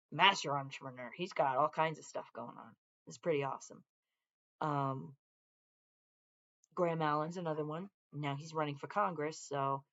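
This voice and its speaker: A woman's voice: deep voice, muffled recording. A woman, a veteran, chatting casually on a home live stream from her living room, rambling and drifting off on tangents. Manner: rambling, easily sidetracked, talks to her dogs and viewers. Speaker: vlogger, military veteran.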